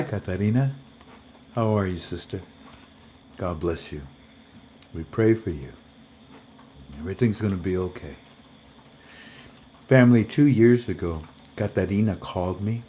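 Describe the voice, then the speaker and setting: A man's voice: lowish voice, mellow, a little hiss or hum. A man hosting a casual, faith-based livestream in a folksy, rambling way, talking to his viewers as family. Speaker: host.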